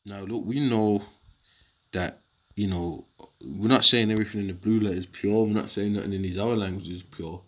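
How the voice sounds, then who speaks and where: A man's voice: on the low side, fairly even intonation, a little fast, a bit bright. A man giving an informal scripture lesson, rambling and combative, dropping slang asides as he works through the words on his screen. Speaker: video teacher.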